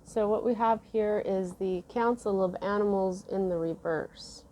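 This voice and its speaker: Slow, mellow-voiced woman reading tarot. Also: mid-range voice, slight background noise. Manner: slow, musing, with many fillers and restarts. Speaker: tarot reader.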